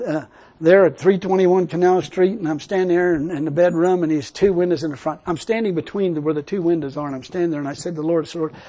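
A man's voice: high voice, warm tone. An older man preaching a sermon, telling a personal story and then building into emphatic preaching. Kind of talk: sermon testimony.

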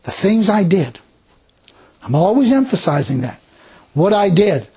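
A man's voice: sits high, sing-song, unhurried, mellow, slightly rough. A man preaching a sermon, emphatic and repetitive, breaking into praise exclamations and laughter between points.

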